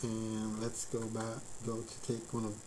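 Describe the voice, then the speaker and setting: A man's voice: on the low side, monotone, a little slow, mellow, a little hiss or hum, rough recording. A man live-streaming while he builds a model, thinking aloud in a rambling, filler-heavy way and chatting with his viewers. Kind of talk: casual live-stream chat while crafting.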